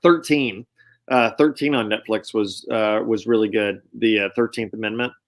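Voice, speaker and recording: A man from the Southeast United States, a financial adviser, chatting as a guest on a live video call and pausing often with fillers. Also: lowish voice, fairly even intonation. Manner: hesitant, many fillers when listing. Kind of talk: casual video-call chat.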